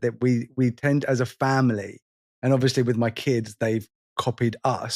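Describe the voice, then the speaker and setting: A man in his forties co-hosting a podcast, chatting casually and rambling in a self-mocking way, often restarting his sentences. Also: medium pitch. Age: 40s. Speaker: podcast co-host. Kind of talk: casual chat.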